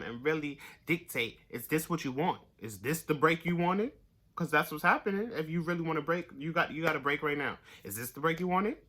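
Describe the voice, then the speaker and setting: A tarot reader giving a casual, blunt and profane reading straight to the viewer, getting louder and higher when fired up. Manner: blunt, profane, pep-talk delivery.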